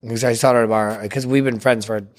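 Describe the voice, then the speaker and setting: A man's voice: mid-range voice, fast talker. A young man from Canada telling stories as an interview guest, giggling often and acting out what people said. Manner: giggly, animated storyteller who acts out quotes. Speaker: guest, drag performer. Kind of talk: casual interview chat.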